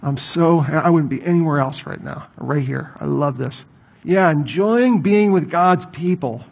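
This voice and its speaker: Middle-aged male pastor, slightly higher voice, conversational sermon delivery with stories and rhetorical questions. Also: unhurried, vocal fry, a little mellow, breathy edge, dull audio.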